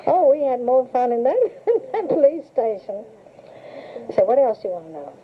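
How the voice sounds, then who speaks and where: High-pitched, husky, and sing-song, an older woman's voice moves at a moderate pace as she reminisces for an interviewer. She recalls her memories in a chatty, storytelling fashion, laughing often, on a tinny old cassette with hiss.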